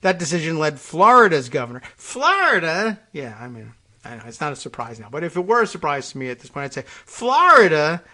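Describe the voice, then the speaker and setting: A man hosts a radio talk show from a studio microphone, reading news copy in a somewhat high voice. He breaks off often into dry, sarcastic remarks, trailing off with fillers as he thinks aloud. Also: lively intonation, racing, hardly any pauses, pushed and bright.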